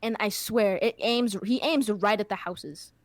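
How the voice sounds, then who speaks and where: The young woman hosting this podcast chats casually through a long anecdote, meandering and filling gaps with fillers. Her mid-range voice moves at an unhurried pace, and the recording is dry.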